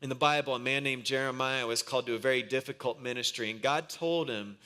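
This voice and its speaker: A man's voice: mid-range voice, fast talker, bright, forceful tone. A man in his thirties, a pastor preaching a sermon, earnest and mixing in a humorous family story.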